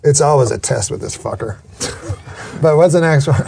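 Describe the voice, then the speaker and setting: A man's voice: medium pitch, normal speed, vocal fry, dark tone, slight background noise. A man hosting a comedy podcast, reading jokes aloud and teasing his co-host with mock outrage. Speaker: talk show host. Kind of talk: casual comedy podcast banter.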